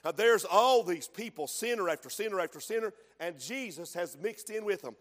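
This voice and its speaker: Man preaching a sermon real fervent, lots of amens, super high voice, long echo like a big church hall. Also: expressive, normal speed, a bit bright. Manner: fervent, punctuated with frequent amens.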